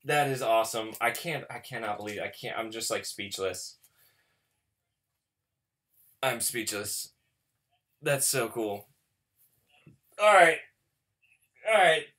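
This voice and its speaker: A man with a slow, drawn-out delivery hosts a card pack opening in easy, offhand commentary. His voice is bright and forceful, and he mocks himself and bursts into excited shouting. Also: medium pitch. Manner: chatty and self-mocking, bursts into excited shouting. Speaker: host opening card packs for viewers.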